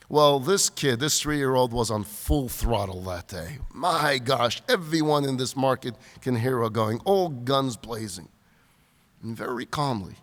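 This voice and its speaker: A man's voice: mid-range voice, moderate pace. A man, a rabbi, giving a sermon-style talk at a retreat, telling stories with emphasis on a stage microphone. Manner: animated storyteller, emphatic. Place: large event hall, live audience. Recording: reverberant hall.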